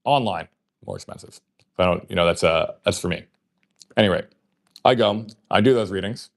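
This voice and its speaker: Speaking at a moderate pace in a deep voice, a man on a livestream spins a long, rambling story in a casual way. Fillers and curses run throughout, and he performs the remembered exchanges as he recounts them.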